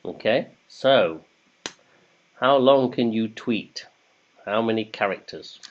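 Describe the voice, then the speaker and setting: A man's voice: fairly low pitch, takes it slowly. A man hosting a casual quiz, chatty and jokey, reading questions in English and then in German. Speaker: quiz host. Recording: dull lo-fi sound.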